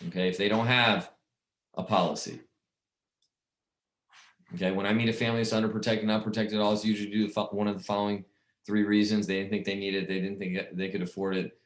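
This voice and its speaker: A man's voice: lowish voice, little pitch movement, quick pace, long pauses, echoey room. A man casually coaching insurance agents on sales calls, rambling and repeating himself as he talks. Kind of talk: casual sales training talk.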